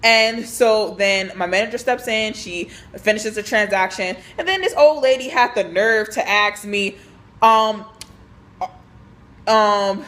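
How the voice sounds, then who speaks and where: A woman's voice: medium pitch, slow. A young woman, chatting casually as she tells a storytime about work, full of fillers and acted-out dialogue. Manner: chatty, animated, lots of fillers and quoted dialogue. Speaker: vlogger telling a work story.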